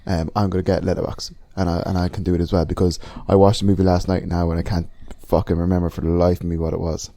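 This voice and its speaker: Mellow low-voiced man chatting. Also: level tone, fast, creaky, hardly any pauses, dry recording. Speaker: podcast co-host. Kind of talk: casual chat.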